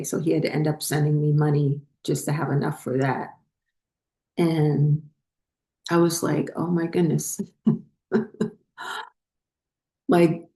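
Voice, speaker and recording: A woman's voice: low-pitched, dark tone, reverberant. A woman, hosting a spiritual channel and telling her own story in a casual, rambling way, with many ums and self-corrections.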